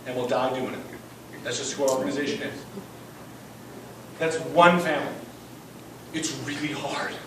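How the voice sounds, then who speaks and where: In an event room, a principal with a medium-pitched voice shares an emphatic story at a fundraiser, talking at normal speed with long pauses and often checking "right?". The audio is noisy and echoey from a faraway mic.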